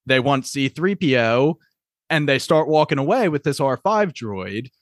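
A man's voice: medium pitch, expressive, normal speed, no echo, clean studio sound. A man hosting a casual chat about a show, enthusiastically explaining its lore and background. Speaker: podcast host.

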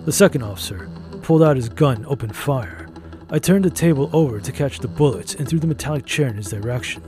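A man narrating a first-person story in an even, measured way. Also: medium pitch, faint music behind.

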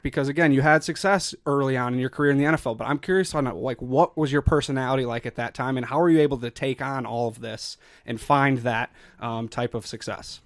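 A man's voice: medium pitch, no echo, studio quality. A young man hosting a podcast, asking long, winding questions with fillers. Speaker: podcast host. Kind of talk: interview questions.

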